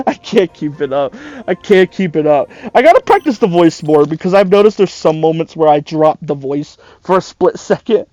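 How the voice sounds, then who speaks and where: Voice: medium pitch, animated, moderate pace, a little mellow, soft background music. A let's play commentator talking loosely over gameplay, self-deprecating and swearing casually.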